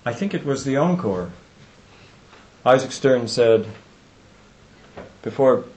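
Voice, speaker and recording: Older man, conference closing address, reflective tone, mid-pitched voice, echoey room. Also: animated, darkish tone. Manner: reflective, recites poetry with slow emphasis. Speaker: honoree giving closing remarks. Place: lecture room. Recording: roomy hall echo.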